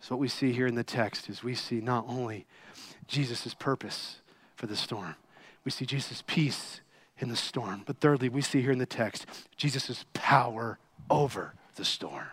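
A man preaching a sermon, impassioned, swinging between loud pleading and hushed quiet. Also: mid-range voice, moderate pace, slightly rough.

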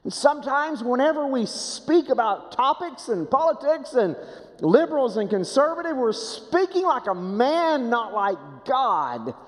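A man preaching a sermon as pastor, swinging dramatically from hushed low phrases to raised, emphatic ones and repeating rhetorical questions. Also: big pitch swings, measured pace, long reverb tail.

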